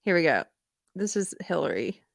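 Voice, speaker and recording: A woman's voice: fairly low pitch, very animated, normal speed, vocal fry, dry recording, studio quality. A woman hosting a live stream who chats casually, laughs often and reads chat comments aloud. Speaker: livestream host.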